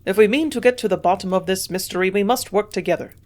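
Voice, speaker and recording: A woman reading the part of a gruff, shrewd old German scientist in a storybook reading, speaking in a put-on German accent. His remarks come out blunt and grunting, pushed a little louder than the narration around them, with a middling pitch. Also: fast talker, close to an everyday voice.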